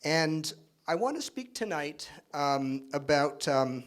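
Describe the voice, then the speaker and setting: Middle-aged man, keynote at an awards night, slightly high voice, conversational, joking asides, lots of um and right. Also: big pitch swings, slow pace. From Spain, raised in Canada. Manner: frequent fillers and tag questions. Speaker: keynote speaker. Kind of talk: speech at an awards event.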